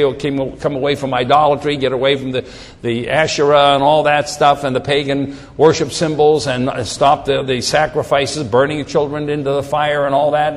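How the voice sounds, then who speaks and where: Male preacher, fairly high voice, slow deliberate sermon, dramatic readings, booming hall echo. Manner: slow, emphatic delivery with dramatic scripture readings. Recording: long hall reverb.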